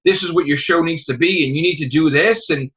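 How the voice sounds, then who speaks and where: A man's voice: fairly high pitch, brisk, fairly bright tone. A man hosting a podcast, ranting in a profane, combative and repetitive way while getting over an illness. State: recovering from illness. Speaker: podcast host. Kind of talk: casual podcast rant. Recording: muffled lo-fi podcast audio.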